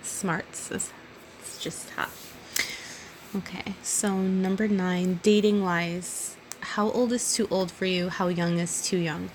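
A woman in her thirties who is openly drunk reads listener questions aloud and answers them at an unhurried, drawn-out pace. She giggles and rambles, and her voice often falls to a soft, almost whispered hush. A faint background hiss runs under the recording. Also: fairly low pitch, fairly even intonation. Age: 30s. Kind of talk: casual solo Q&A monologue.

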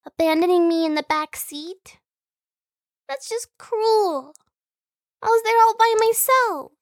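A playful, clingy younger sister, as a woman acts her out, in a whispered role-play. Her high voice drifts slowly between soft breathy whispers and light giggles. The sound is dry and intimate, right up against the microphone. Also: dry recording, exaggerated voice. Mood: teasing.

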